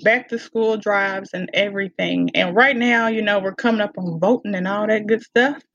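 A woman, a guest in a casual podcast chat, telling stories with lively energy and frequent laughter. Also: mid-range voice, normal speed. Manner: animated storyteller, laughs often. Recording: dull lo-fi sound.

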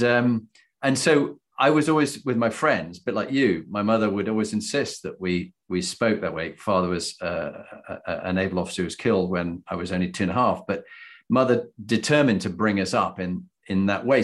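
Rambling older man from Yorkshire, low-voiced. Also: normal speed. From Yorkshire, England. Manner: rambling, anecdotal, with a gentle chuckle. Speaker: interviewer. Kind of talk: conversational interview.

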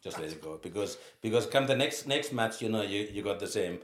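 A man in his fifties from Finland with a Finnish accent, a former footballer telling lively anecdotes in an interview and laughing through them. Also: on the low side, brisk. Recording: roomy echo.

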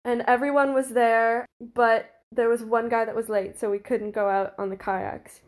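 A woman's voice: fairly high pitch, flat delivery, moderate pace. A young woman in college telling a story in casual chat, rambling and giggly with lots of fillers. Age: young adult.

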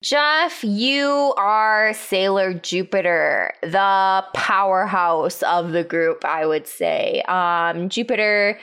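A woman's voice: medium pitch, slow, hardly any pauses, a bit bright, clean tone. A woman co-hosting a casual podcast, earnestly gushing compliments to a friend. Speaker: podcast co-host.

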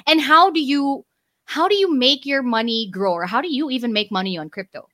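A woman hosts a relaxed conversation, her voice high and bright. She tells stories in a chatty, giggly way. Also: a little fast. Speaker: podcast host. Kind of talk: casual chat.

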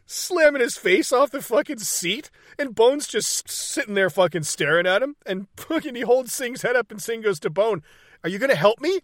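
A man's voice: very high-pitched, animated, normal speed, few pauses, fairly bright tone, no echo, clean studio sound. A man casually recapping a movie scene by scene, swearing freely, laughing often and acting out lines from the film. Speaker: podcast co-host.

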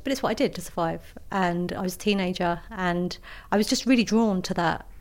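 An author appearing as an interview guest, this woman speaks fairly quickly in a voice on the low side. Her manner is candid and spirited, with laughter coming easily.

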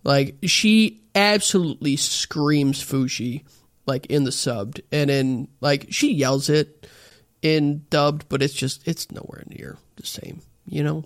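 Casual co-host: a man with a slightly high, gravelly voice, recorded dry and close, recapping an anime episode by episode. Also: slow, dry recording. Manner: laid-back, swearing, summarizing episodes. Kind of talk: casual chat.

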